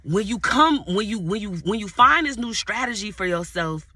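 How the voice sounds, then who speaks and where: A woman's voice: mid-range voice, lively intonation, normal speed, sharp tone, husky, no echo. A woman who is an inner healing coach, preaching motivation to her viewers, repeating her points emphatically, speaking casually and breaking into spoken prayer. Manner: repetitive, emphatic, turns to pray aloud mid-talk; casual colloquial address to viewers.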